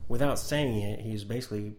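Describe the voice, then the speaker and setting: A man's voice: lowish voice, quick pace, darkish tone, slight background noise. A man co-hosting a podcast, talking casually about a TV show and restarting his sentences often. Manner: rambling, frequent restarts. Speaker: podcast co-host. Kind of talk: casual chat.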